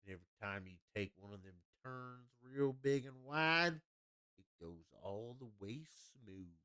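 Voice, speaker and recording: A man's voice: medium pitch, expressive, measured pace, bright, forceful tone, smooth. A man putting on a rambling, folksy Southern good-old-boy voice with a US Southern accent.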